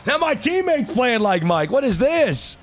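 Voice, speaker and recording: Excitable young man trash-talking over gameplay. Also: very high-pitched, measured pace, crowd noise. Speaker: streamer. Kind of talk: live gameplay commentary.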